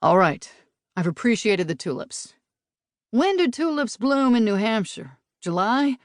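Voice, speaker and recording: A woman voicing a gruff male US marshal who talks in a curt, impatient way. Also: fairly high pitch, sing-song, measured pace, no room sound, studio quality, pitched above the performer's own voice.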